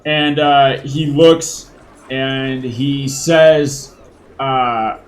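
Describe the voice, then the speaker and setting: A man's voice: mid-range voice, fairly even intonation, very slow. A man narrating a tabletop game as game master, rambling with many fillers and casual swearing.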